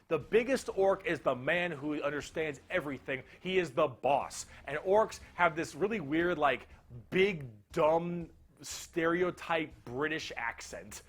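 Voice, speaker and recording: Excitable joking man with a higher voice. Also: unhurried. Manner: energetic, joking, swears freely. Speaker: explainer video narrator. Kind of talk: casual comedic explainer.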